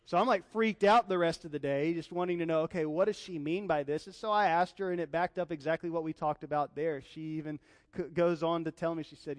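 A young man delivers a sermon in a high-pitched voice, preaching with passion and weaving in personal stories. His voice rings out with a long reverb, as if it were recorded in a church hall. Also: fairly quick. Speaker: pastor.

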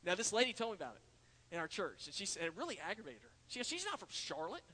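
High, bright-voiced preacher in a reverberant church. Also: male voice, sing-song, fast, a little hiss or hum. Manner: earnest preaching, frequent uh fillers and restarts, rises to emphatic points. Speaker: pastor. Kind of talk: sermon. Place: church sanctuary. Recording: long hall reverb in a church.

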